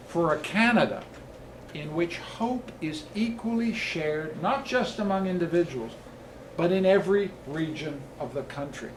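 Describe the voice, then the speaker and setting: A man's voice: high voice, poor audio. A politician on the stump, a man with a slightly raised voice who drives his points home in emphatic, building lists. A faint hiss of noise sits under his speech. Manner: rousing, emphatic lists building to loud peaks. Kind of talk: campaign speech; answering a question, explanatory.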